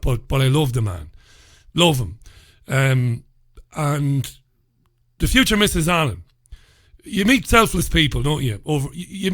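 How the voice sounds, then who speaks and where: A chatty man hosts his radio show, greeting listeners one after another while getting over a head cold. His voice sits a little high and sounds bright and forceful. The studio sound is dry and close. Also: no echo. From England. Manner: chatty, warm greetings to listeners, swears mildly. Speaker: radio host. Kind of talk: casual radio show chat.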